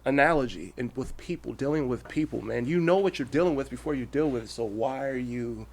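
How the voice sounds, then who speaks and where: A man's voice: mid-range voice, fairly quick. A man in his thirties, a podcast guest, speaking bluntly and profanely and acting out short animal fables. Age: 30s. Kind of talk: casual interview.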